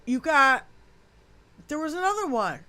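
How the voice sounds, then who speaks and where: A woman's voice: high voice, sing-song, a little slow, sharp tone, no room sound. A woman co-hosting a casual political podcast, ranting heatedly with a lot of swearing. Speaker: podcast co-host.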